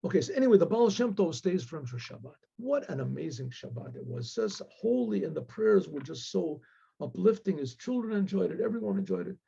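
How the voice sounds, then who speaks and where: A man, a rabbi, telling a story with animated delivery, acting out the voices of the characters. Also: sits high, fairly quick, creaky, husky, dull audio.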